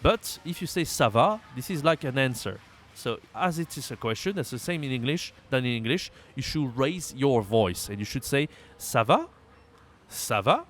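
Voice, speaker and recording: A man with a French accent teaching a casual online lesson, repeating words slowly for learners with frequent fillers. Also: medium pitch, animated.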